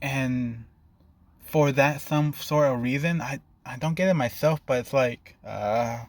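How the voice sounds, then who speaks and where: A man's voice: medium pitch, slow pace, dry recording. A man narrating an improvised fan fiction story in a loose, rambling way, often stopping to rephrase.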